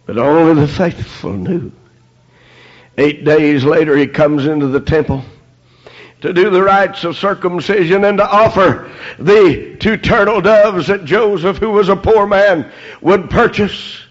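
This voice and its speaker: A man's voice: high voice, measured pace. A man preaching a fervent sermon, dotting his lines with amens and praise God, in a dull lo-fi recording.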